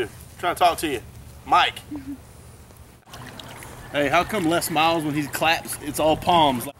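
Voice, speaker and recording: Dude trash talking a rival team outdoors, teasing, faint background noise. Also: male voice, a little high, sharp tone, rough recording. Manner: teasing, mock-scolding. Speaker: college football fan. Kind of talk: comedic trash talk.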